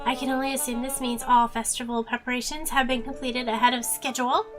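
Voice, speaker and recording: A woman reading a pompous, stern male boss in a game, speaking in a slow, condescending way. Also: a little high, steady tone, over music, natural voice. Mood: haughty. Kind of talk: reading a game's dialogue aloud.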